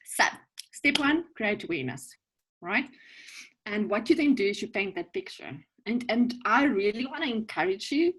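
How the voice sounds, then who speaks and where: A woman's voice: medium pitch, normal speed, low-quality recording. A woman with a South African English accent giving a casual, joking coaching talk at a virtual networking event, checking in often with "okay?" and "right?". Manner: lively, joking, direct with frequent "okay?" and "right?". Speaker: guest speaker at a networking event. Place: virtual event, video call. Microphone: video call.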